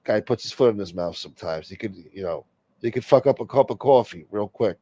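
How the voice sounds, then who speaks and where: Brief: rambling, profane male stream host, low voice, dry close sound. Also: fairly quick, warm tone, no room sound. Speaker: livestream host. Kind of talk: casual live-stream chat.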